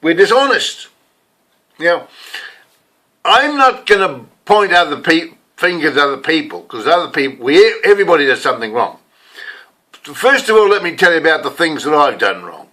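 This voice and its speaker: A man's voice: fairly high pitch, very animated, moderate pace, pushed and bright. An older man from New Zealand in a New Zealand accent, giving a rambling, confessional sermon full of personal stories. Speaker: lay preacher. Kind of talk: casual sermon storytelling.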